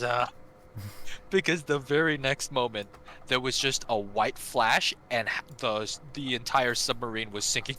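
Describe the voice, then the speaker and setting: A man telling gaming stories in casual chat, animated and swearing freely. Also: medium pitch, slight background noise. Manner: animated, swears a lot, acts out quotes. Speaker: gaming friend on stream.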